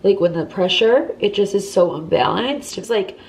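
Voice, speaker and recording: A woman's voice: medium pitch, expressive, normal speed, vocal fry, a little mellow, slight background noise. A young woman in her twenties, congested and talking strangely, chatting casually in a recovery vlog with lots of "like". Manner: chatty, lots of "like", dips into whispers. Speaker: vlogger.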